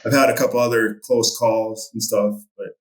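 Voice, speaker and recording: A man's voice: on the low side, flat delivery, moderate pace, roomy sound. A middle-aged man and fishing guide, telling a story casually in a rambling way with many fillers. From Montana.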